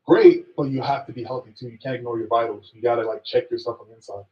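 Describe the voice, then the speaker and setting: A man's voice: mid-range voice, fairly even intonation, fast talker. A man in a podcast discussion speaking bluntly and emphatically. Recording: distant dull audio from a played clip.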